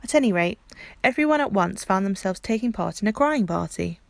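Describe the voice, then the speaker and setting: A woman, hosting a library storytime and reading a children's book aloud in a calm, clear way. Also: mid-range voice, a little fast, no room sound.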